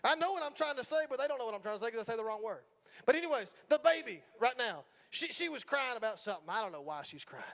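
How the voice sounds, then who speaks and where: With an extremely high, sing-song voice that's fast and fairly bright, a middle-aged pastor from Georgia preaches in a church sanctuary in a Southern accent. He keeps things casual and funny, frequently asking the congregation "right?"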